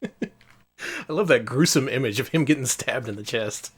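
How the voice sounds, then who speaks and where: A man's voice: mid-range voice, normal speed, husky. A man giving casual, joking commentary on a retro game stream. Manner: wry, joking.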